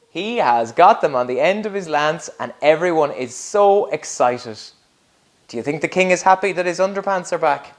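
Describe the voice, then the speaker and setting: A male teacher reading a storybook aloud to young children, sing-song and full of questions for them. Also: on the high side. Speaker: primary school teacher.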